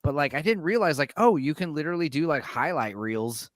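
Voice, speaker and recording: A man's voice: on the high side, lively intonation, brisk, no room sound, clean studio sound. A man co-hosting a casual chat, tipsy, rambling with lots of fillers and swearing. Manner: rambling, filler-heavy and profane. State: tipsy from drinking.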